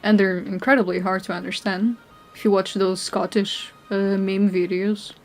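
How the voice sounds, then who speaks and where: A woman's voice: medium pitch, level tone, normal speed, faint music behind. A young woman from Portugal, a live streamer chatting casually with her viewers while she plays a video game. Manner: chatty, answering chat, often laughing and trailing off.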